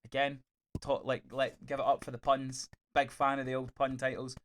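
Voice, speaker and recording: A man's voice: medium pitch, monotone, normal speed, a bit bright. Gushing man, sweary podcast chat. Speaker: podcast co-host. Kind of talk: casual review chat.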